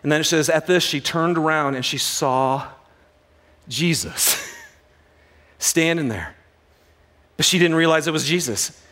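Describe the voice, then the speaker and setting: A man preaching a sermon as a pastor, swinging from hushed, dramatic lows to loud, excited bursts, with jokey asides. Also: a little slow, pauses often.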